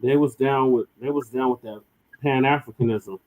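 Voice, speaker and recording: A man hosting a podcast in casual chat, unhurried and repeating himself as he goes. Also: mid-range voice, fairly even intonation, a little mellow. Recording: slightly dull, muffled sound.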